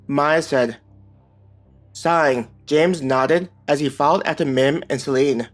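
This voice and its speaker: Male audiobook narrator, slightly high, calm scripted reading. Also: slow. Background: soft background music.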